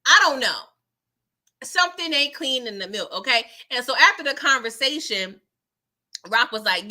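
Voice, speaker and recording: A woman doing a casual live recap, chatty and animated, who laughs often and keeps checking in with "okay?". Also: high voice, normal speed. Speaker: TV show recapper.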